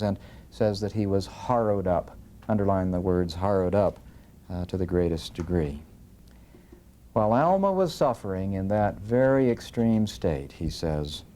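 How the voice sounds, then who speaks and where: A man's voice: lowish voice, dark tone. A man giving an earnest scripture lecture, reading verses aloud and telling listeners what to underline. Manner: earnest, instructive, reads verses with rising emphasis.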